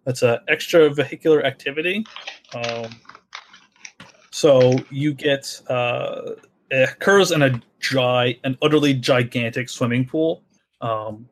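A man running a tabletop game as game master. His voice sits in a middle pitch, and he talks loosely, pausing often with fillers and restarts. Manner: loose and halting, many fillers.

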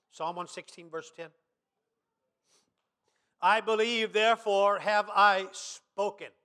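A man pastor preaching a sermon, dropping quiet, then rising to shouted emphasis. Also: sits high.

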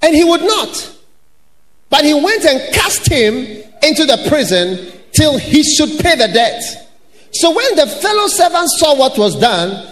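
Male pastor, high lively voice, shouted sing-song sermon, church hall reverb. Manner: shouted, sing-song preaching with laughter and mimicry. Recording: hall reverb with faint noise.

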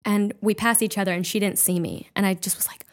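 A woman comedian chatting as a guest. She swears freely and laughs her way through an emotional story. Her voice sits in an ordinary middle pitch. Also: fairly even intonation, fast. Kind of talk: casual chat.

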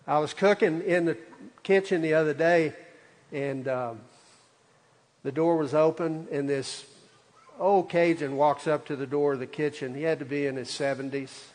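A man's voice: fairly high pitch, steady tone, measured pace, long pauses, darkish tone. A man, preaching a sermon as a pastor in a folksy, conversational storytelling way. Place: church sanctuary. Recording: reverberant church hall.

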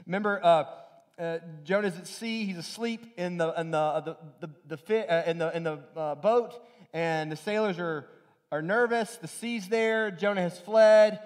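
A man's voice: high voice, moderate pace. A male pastor preaching a sermon earnestly, repeating phrases for emphasis and often restarting his sentences. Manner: acts out quoted lines in a raised, pleading voice.

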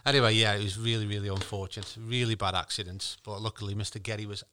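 A man's voice: on the low side, flat delivery, fast, bright, forceful tone, clear, resonant tone. A man with a jokey, enthusiastic manner, chatting casually as a co-host and laughing often. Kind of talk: casual chat.

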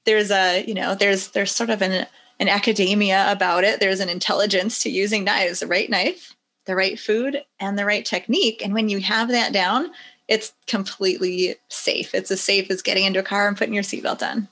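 A woman's voice: medium pitch, moderate pace. A middle-aged woman, a guest on a podcast, talking in a casual, emphatic and enthusiastic way. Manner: enthusiastic, emphatic, animated when acting out stories. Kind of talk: casual interview chat.

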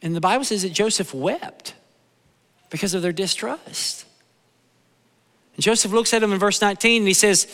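A man preaching from the pulpit in a high, bright voice that rings with conviction. He leans on repetition and homespun humor, and a long church reverb hangs behind every line. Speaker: pastor. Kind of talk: sermon. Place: church sanctuary.

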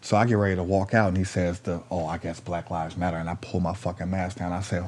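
A man with a low, husky voice tells a story in casual chat. His speech is animated and slangy, heavy on profanity, and he repeats lines for emphasis. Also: fast, few pauses.

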